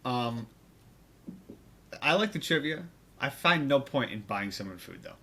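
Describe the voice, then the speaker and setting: A man's voice: mid-range voice, lively intonation, measured pace, bright, forceful tone, breathy edge. A young man co-hosting a casual podcast, joking and talking loosely with a lot of fillers. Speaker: podcast co-host. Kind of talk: casual chat.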